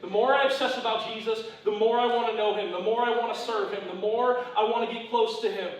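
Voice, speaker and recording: A man preaching a conversational sermon in a church, who repeats his phrases, keeps asking "right?" and drops low and quiet on serious points. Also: steady tone, fast talker, heavy reverb, distant mic, poor audio. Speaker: pastor. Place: church sanctuary.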